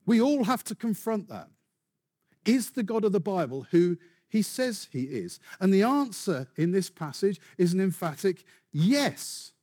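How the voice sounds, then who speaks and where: Animated husky-voiced male preacher. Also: high-pitched, measured pace. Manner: animated, rhetorical questions, building emphasis. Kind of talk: sermon.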